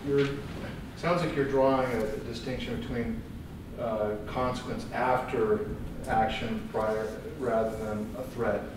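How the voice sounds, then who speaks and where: A man in a class audience asking a question in a hesitant, halting way. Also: medium pitch, steady tone. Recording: distant, very echoey, noisy room audio.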